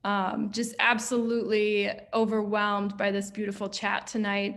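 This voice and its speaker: A woman hosting an online event over a video call, speaking softly and evenly with a few fillers. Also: medium pitch, vocal fry. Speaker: event host.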